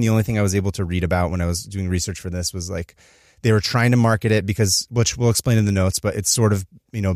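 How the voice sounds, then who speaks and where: A man's voice: sits low, a little mellow, dry recording, studio quality. A man in his thirties co-hosting a podcast, rambling with lots of fillers. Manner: rambling, filler-heavy, quick talk. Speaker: podcast co-host. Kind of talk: casual chat.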